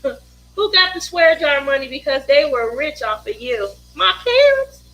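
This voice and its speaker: A middle-aged woman hosting a relaxed craft chat, with a high, bright voice. She tells family stories in an animated way, laughing often and putting on the voices of the people in them. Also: a little slow, poor audio. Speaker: craft livestream host. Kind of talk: casual chat while crafting.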